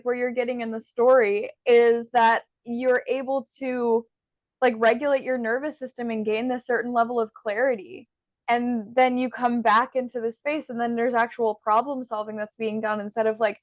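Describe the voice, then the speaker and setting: A woman's voice: fairly high pitch, no room sound. A woman hosting an interview, effusive and affirming, filling her talk with "like". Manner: effusive and affirming, many "like" fillers. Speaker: podcast host. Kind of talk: conversational interview.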